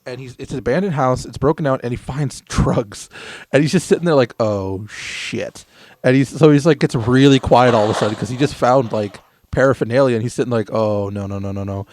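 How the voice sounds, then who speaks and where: A man's voice: medium pitch, quick pace, darkish tone, dry recording. A man co-hosting a casual podcast, telling rambling stories with many restarts. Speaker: podcast co-host. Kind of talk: casual chat.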